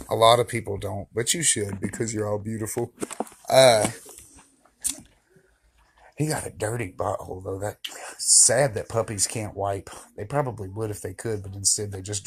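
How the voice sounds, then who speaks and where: A man's voice: fairly low pitch, moderate pace, vocal fry, fairly bright tone, a little hiss or hum. A man vlogging a casual, meandering monologue to camera, full of fillers and joking asides but candid and reflective.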